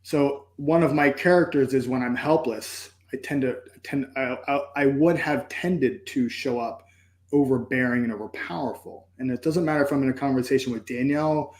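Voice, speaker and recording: A man sharing a personal story as a podcast guest, earnest and reflective, often stopping to restart a thought. His mid-pitched voice carries a noticeable room echo. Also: darkish tone.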